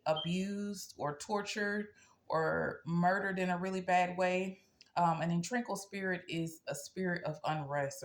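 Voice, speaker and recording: A woman with a low, gravelly voice talks straight to her viewers. She is casual and blunt, and she keeps tagging her points with "okay?". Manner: tags nearly every sentence with "okay?"; earnest and blunt, telling a personal story. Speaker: spiritual practitioner and channel host. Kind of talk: casual talk to camera.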